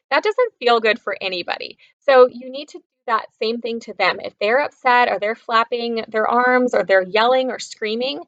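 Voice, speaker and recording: A woman teaching children in a video lesson, gentle and patient, often checking in with them. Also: on the high side, gravelly, no echo, muffled recording. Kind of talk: talking to kids in a lesson video.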